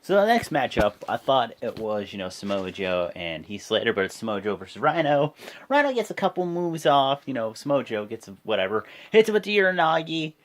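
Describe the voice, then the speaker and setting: A man's voice: mid-range voice, sing-song, fairly quick. A man talks through events in a loose, chatty recap. His voice swings up and down a lot. He stumbles, corrects himself and jumps into quoted voices. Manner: rambling, self-correcting, acts out quotes. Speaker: wrestling show reviewer. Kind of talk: casual play-by-play recap.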